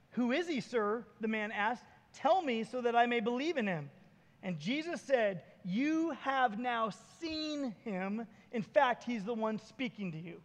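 A male pastor preaching a sermon, retelling Bible scenes with animated, acted-out dialogue. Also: high voice, in a large hall.

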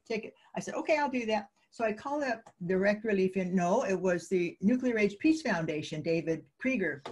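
A woman guest in an interview, telling lively anecdotes and acting out the dialogue of the people in them. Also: mid-range voice, breathy edge. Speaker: guest, peace advocate. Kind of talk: interview storytelling.

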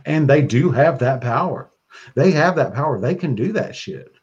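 Excitable, profane man on a podcast. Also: mid-range voice, moderate pace, breathy edge. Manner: excitable and profane, breaks into loud quoting. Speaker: podcast guest. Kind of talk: casual podcast chat. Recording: dull lo-fi sound.

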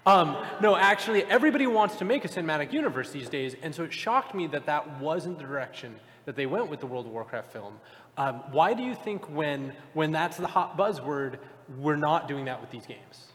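A fairly high-voiced man moderating a live panel, with long hall reverb around him. He presses the others with probing, quizzing questions. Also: animated, a little fast, fairly bright tone. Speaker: podcast host moderating a panel.

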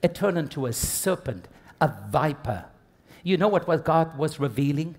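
A man preaching to a congregation with a slightly high voice. He drops to hushed, intimate asides and then builds to loud, impassioned peaks, calling on the listeners to answer back. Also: animated, moderate pace. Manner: talks to the congregation directly with call-and-response prompts. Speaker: pastor. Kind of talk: sermon.

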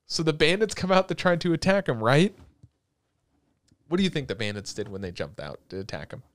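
A young man hosting a casual chat, recapping a story in an animated, rambling, crude and joking way. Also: fairly high pitch, brisk, dry recording.

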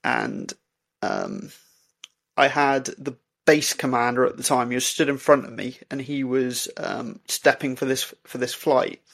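A man, a podcast co-host, telling a story in casual chat, halting with many fillers and restarts. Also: medium pitch, sing-song, creaky, fairly bright tone. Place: indoor recording for podcast.

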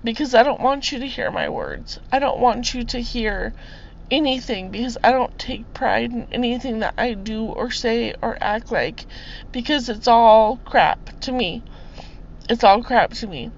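Woman, young adult, podcast host, faith testimony, earnest and preachy, slow, dull lo-fi audio. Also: on the high side, animated, vocal fry. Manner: earnest and preachy, tearful at times. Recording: slightly dull lo-fi sound with faint hiss.

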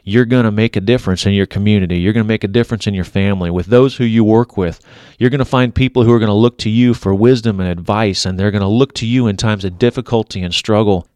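Earnest, low-voiced man preaching. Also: a little mellow, smooth, dry recording, clean studio sound. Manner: earnest, exhorting, with frequent restarts. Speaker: podcast preacher. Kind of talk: devotional podcast sermon.

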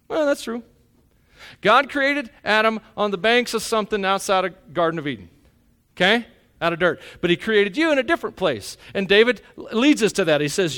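Middle-aged male pastor, animated preacher, rises to loud peaks, drops to near hush. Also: sits high, moderate pace. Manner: animated preaching, swings from shouting to hushed. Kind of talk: sermon.

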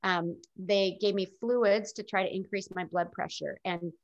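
A middle-aged woman speaks candidly and reflectively as an interview guest. Her voice has a gravelly, creaky edge. The recording is dull and lo-fi. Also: medium pitch, steady tone, measured pace. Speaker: guest telling her illness story. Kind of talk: casual interview storytelling.

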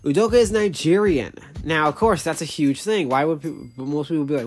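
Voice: medium pitch, a little fast, faint music behind. A person casually explaining the characters they created, rambling with many fillers, self-corrections and the odd swear. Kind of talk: casual unscripted talk.

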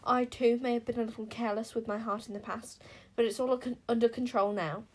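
A woman's voice: a little high, steady tone, brisk, natural voice. Snappish witch queen, scolding and haughty, voiced by a woman storyteller. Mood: irritable scolding. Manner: sharp and scolding.

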